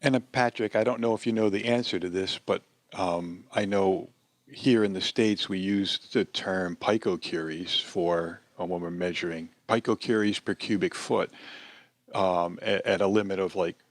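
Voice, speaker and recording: A man's voice: low voice, fairly even intonation, moderate pace, no room sound. A man co-hosting a home-building podcast, chatting casually and asking curious questions. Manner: curious, agreeable, asks questions. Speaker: podcast co-host.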